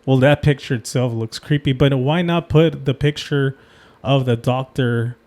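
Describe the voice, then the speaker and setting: A man's voice: medium pitch, normal speed, darkish tone. A man co-hosting a casual podcast, in a laid-back way, asking questions and reading comments aloud. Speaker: podcast co-host.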